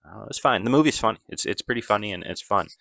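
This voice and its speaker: Low-voiced man rambling through a recap. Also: fast talker, vocal fry, sharp tone, no room sound. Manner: rambling, loose, many fillers and self-corrections. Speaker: movie recap vlogger. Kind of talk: casual spoken movie recap.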